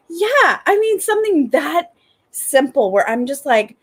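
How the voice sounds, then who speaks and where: A woman talking to her viewers in an upbeat, enthusiastic gratitude vlog, returning again and again to the same warm phrases. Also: high-pitched. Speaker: spiritual coach.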